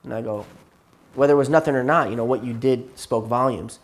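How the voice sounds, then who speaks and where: A man's voice: mid-range voice, brisk. A man telling a long story to his therapist, rambling and repeating himself, tired and burnt out. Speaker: client in therapy session.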